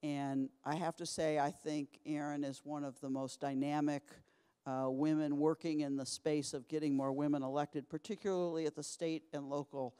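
A man hosting a live event introduces the next speaker, rambling a little and pausing on uhs. His voice sits a bit high and sounds smooth and clear. A long hall reverb trails behind him. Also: little pitch movement. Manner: warm, rambling, hesitant with uhs. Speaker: event host.

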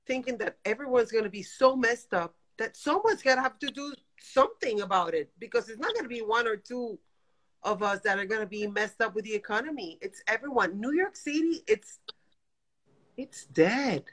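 Exasperated woman in her fifties on a phone call. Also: on the high side. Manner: animated, exasperated, rapid bursts. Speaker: guest caller. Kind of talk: emotional live-stream chat. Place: home apartment. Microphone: phone on a video call.

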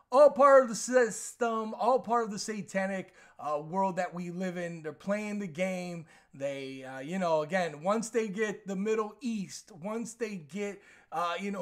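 A man delivering a ranting commentary monologue as an online news commentator, heated and emphatic, at times shouting. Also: high voice.

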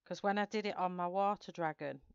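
A woman hosting a live colouring stream chats casually and giggles while greeting viewers by name as she colours. Her fairly low, gravelly voice is fairly quick and clean-toned, with no room sound and the highs cut off.

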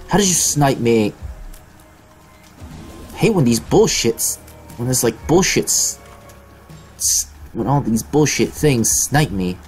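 A man's voice: medium pitch, takes it slowly, pauses often, faint music behind. A young man commentating his own gameplay, swearing often, mocking his own skill and yelping when hit. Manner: profane, self-deprecating, excitable yelps. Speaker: gaming video host. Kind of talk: let's play commentary.

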